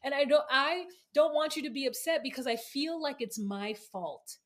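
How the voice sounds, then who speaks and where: A woman's voice: sits high, animated, moderate pace, pitched above the performer's own voice. A woman mimicking an earnest pleading husband. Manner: pleading, repeating endearments.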